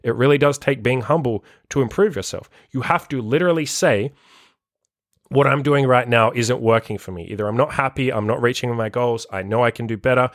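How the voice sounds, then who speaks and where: A man's voice: mid-range voice, fairly quick, no room sound, clean studio sound. A man hosting a solo motivational podcast as a life coach, talking bluntly and emphatically and swearing freely.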